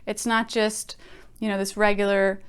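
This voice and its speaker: A woman's voice: medium pitch, little pitch movement, normal speed, clear, resonant tone. Thoughtful woman teaching poetry. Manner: conversational, thoughtful, many fillers. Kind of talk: casual teaching with poem readings.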